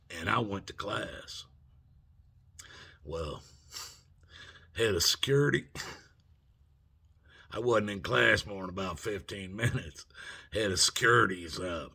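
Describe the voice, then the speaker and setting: Man in his 40s, vlog storyteller, low gravelly voice with a bright, husky edge, animated retelling. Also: measured pace, pauses often. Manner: animated retelling, acts out both sides of the argument. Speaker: vlogger. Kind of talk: casual storytelling.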